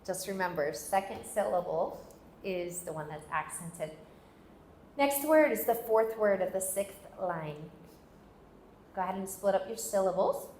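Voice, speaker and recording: A woman's voice: medium pitch, lively intonation, unhurried, darkish tone. A woman teaching a phonics lesson, patiently modeling sounds and asking learners to repeat after her. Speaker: language teacher. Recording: echoey room with faint hiss.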